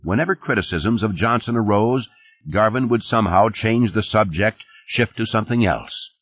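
A man narrating an audiobook in a steady, scripted storytelling style. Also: lowish voice, moderate pace, husky, no echo. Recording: dull, dry studio recording.

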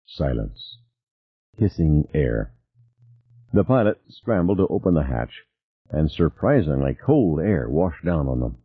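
A man narrating an audiobook in an expressive, varied reading. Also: a bass voice, measured pace, pauses often, husky, no room sound. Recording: tinny phone-like dry sound.

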